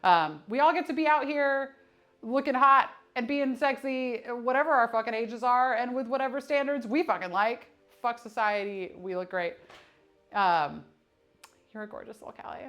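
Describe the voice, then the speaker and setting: A woman's voice: fairly high pitch, moderate pace, fairly bright tone, faint music behind. A woman in her thirties chatting candidly on a live fitness stream, laughing often and swearing freely. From United States. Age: 30s. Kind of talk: casual live-stream chat. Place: gym. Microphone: streaming camera mic.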